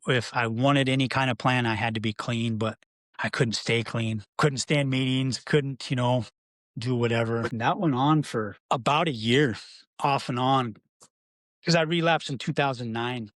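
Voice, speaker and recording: A man's voice: medium pitch, no echo. A middle-aged man, a podcast guest, telling his life story in a rambling, candid way with many fillers and restarts.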